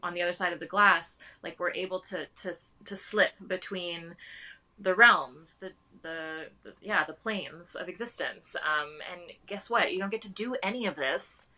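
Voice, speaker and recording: A woman's voice: lowish voice, moderate pace, bright, forceful tone, rough recording. A woman in a casual podcast conversation who talks earnestly about spirituality, laughs often and restarts her sentences.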